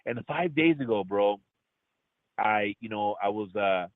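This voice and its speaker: A man, an actor guest on an interview show, telling a deeply personal story in an earnest, heartfelt way and calling the host brother. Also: expressive, unhurried, dry recording. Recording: tinny phone-like line.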